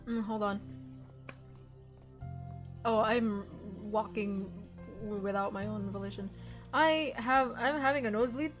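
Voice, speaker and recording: A woman's voice: mid-range voice, measured pace, pauses often, faint music behind. A woman streamer reacting playfully to a game with giggly comments.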